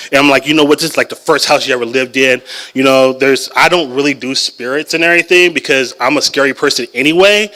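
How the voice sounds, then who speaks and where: A man telling a personal story live at a story slam, chatty and animated, often laughing at his own lines. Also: a little high.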